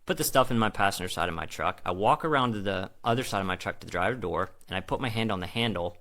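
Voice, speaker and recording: A man with a somewhat low voice tells a personal testimony as an animated story. He slips into quoted dialogue, jumps higher and louder for surprise, and drops to a hush for asides. His delivery is casual and conversational. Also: fast talker. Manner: casual, with many "I'm like" asides. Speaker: guest telling a testimony.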